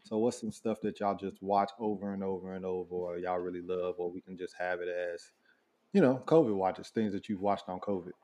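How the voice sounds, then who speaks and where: A man's voice: sits low, steady tone, a little fast, warm tone. A man hosting a casual podcast chat, bringing up the topic in an easygoing way with fillers. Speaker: podcast host.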